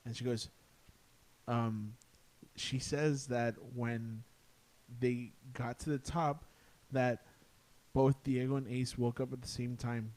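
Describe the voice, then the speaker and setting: A man's voice: medium pitch, steady tone, slow pace, a little mellow. A young man casually telling a ghost story on a podcast, swearing freely and peppering his speech with "dude" and "like". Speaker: podcast guest.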